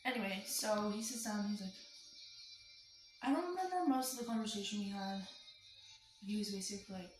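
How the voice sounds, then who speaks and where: A woman's voice: mid-range voice, brisk, pauses often. A young adult woman telling a personal story in a casual storytime, chatty and full of "like" fillers. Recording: roomy room with faint music.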